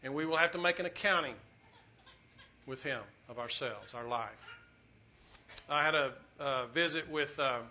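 A man preaching a sermon as pastor, telling a story earnestly, swelling loud and dropping quiet. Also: a little high, moderate pace, long pauses, a little hiss or hum. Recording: dull lo-fi recording.

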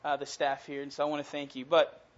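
A young man preaches as a college pastor, talking with eager, chatty energy and reading scripture aloud. His voice sits a bit high for a man. The church recording sounds dull and lo-fi. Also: monotone, fast. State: out of breath. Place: church sanctuary.

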